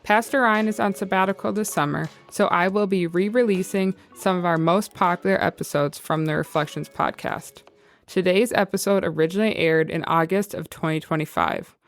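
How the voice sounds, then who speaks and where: A woman's voice: on the low side, moderate pace, soft background music. A woman introducing a re-released church podcast episode in a read-out, friendly way. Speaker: podcast co-host.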